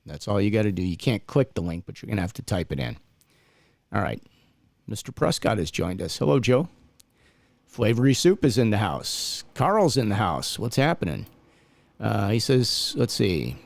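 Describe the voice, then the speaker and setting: A man's voice: lowish voice, very animated, normal speed, creaky, no echo. A man co-hosting a casual referee talk stream, chatty and plugging the channel. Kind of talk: casual live-stream chat.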